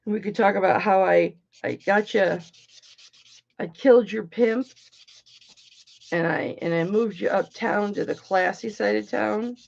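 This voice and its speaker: Woman running a jewelry sale stream, gravelly voice, cheeky jokes, dull muffled audio. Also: medium pitch, measured pace, long pauses. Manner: chatty, bawdy joking while working. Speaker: online jewelry auction host. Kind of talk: casual livestream selling chat.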